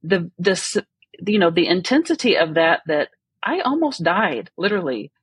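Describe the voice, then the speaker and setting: A woman guest tells her story in an earnest, reflective way. Her voice has a slightly husky edge. The recording is dry and close to the mic. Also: lowish voice, very animated, normal speed, dry recording. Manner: earnest and reflective, laughs often. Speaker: podcast guest. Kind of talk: personal story in an interview.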